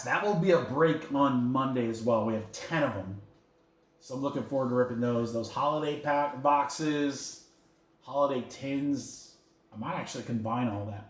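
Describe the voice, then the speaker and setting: Opening packs on a casual livestream, this man rattles off card names and makes chatty asides to the viewers of his trading card break. His voice is on the high side, and the recording sounds roomy.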